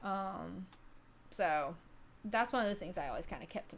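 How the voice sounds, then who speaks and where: A woman's voice: on the low side, lively intonation, normal speed, long pauses, slight background noise. A woman livestreamer casually telling a story to her chat, swearing freely and laughing often.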